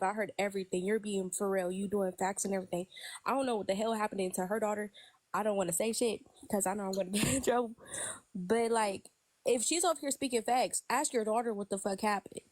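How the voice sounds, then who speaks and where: A woman's voice: mid-range voice, darkish tone, no room sound. A woman joining a livestream as a guest, talking frankly in slang with plenty of swearing. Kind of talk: casual livestream chat.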